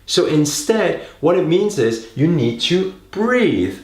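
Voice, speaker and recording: Speaking straight to the camera in an echoey room, a man teaches public speaking with a very animated voice whose pitch swoops up and down. His pace is slow, and he coaxes listeners with rhetorical questions and frequent tags like "right?".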